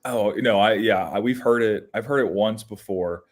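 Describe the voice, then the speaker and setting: This young man's voice is on the low side, and he talks at a normal speed. As a podcast co-host in a casual chat, he tells outdoor stories with lively, rambling energy, restarting often and using many fillers.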